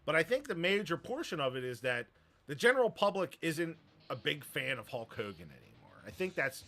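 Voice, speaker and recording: A man's voice: a little high, sing-song, fairly quick, bright, forceful tone. A man hosting a wrestling show, chatting casually about the news and giving his opinions, with a rambling manner and many fillers.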